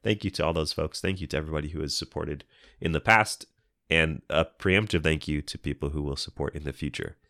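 Deep-voiced sick man, joking co-host. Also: fairly quick, sharp tone, no echo. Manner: dry, joking delivery with frequent laughs. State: sick, slightly congested. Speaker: podcast co-host. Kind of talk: casual chat.

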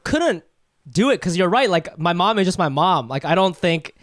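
A man co-hosting a podcast in casual chat, animated and laughing, with stammering restarts. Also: sits high, moderate pace, dry recording, studio quality. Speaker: podcast co-host.

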